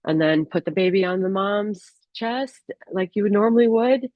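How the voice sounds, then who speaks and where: Woman, rural doctor, personal storytelling, halting and candid, dry close sound, dull lo-fi audio. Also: medium pitch, no echo. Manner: candid, halting, with many restarts and fillers.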